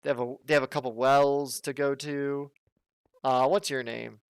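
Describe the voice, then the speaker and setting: Brief: a chatty, jokey man from the southern United States as a let's play host, with a smooth voice. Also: medium pitch, normal speed, no room sound. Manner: chatty, jokey, thinking aloud. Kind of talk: casual gameplay commentary.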